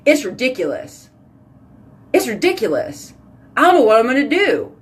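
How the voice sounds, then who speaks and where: A woman's voice: a little high, wildly swooping pitch, normal speed. A woman from Houston with a Texan accent, chatting casually at home by her sink as a vlog host, bubbly and rambling. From Houston, Texas. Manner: bubbly, rambling, says y'all a lot.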